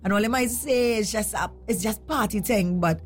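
A woman radio host with a Trinidadian accent, chatting in an excitable, emotional, laughing way on a morning show. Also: mid-range voice, normal speed, faint music behind. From Trinidad and Tobago. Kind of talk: casual morning show chat.

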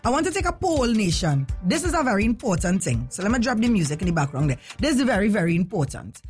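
A woman's voice: medium pitch, sing-song, fast talker, a little mellow, husky, faint music behind. A woman with a Trinidadian accent hosting a casual live stream, chatting playfully with viewers in dialect.

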